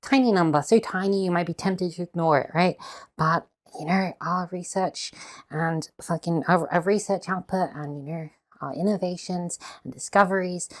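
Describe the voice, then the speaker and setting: A woman's voice: fairly low pitch, normal speed. A woman in a heated, swear-filled vlog rant, tagging her points with constant questions. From Australia. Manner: heavy swearing, tag questions, heated ranting. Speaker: video host. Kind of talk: casual commentary vlog.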